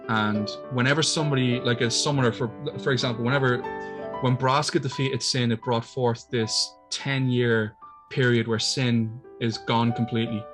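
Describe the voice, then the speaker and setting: Male podcast host going over a game story, casual and rambling, quick, faint music behind. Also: medium pitch, flat delivery. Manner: rambling, quick, with fillers and profanity.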